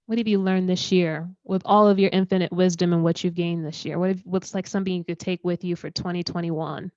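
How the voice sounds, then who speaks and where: Woman host, smooth clear voice, upbeat and encouraging, dull dry sound. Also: lowish voice, a little mellow, no room sound. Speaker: podcast host. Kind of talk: casual interview.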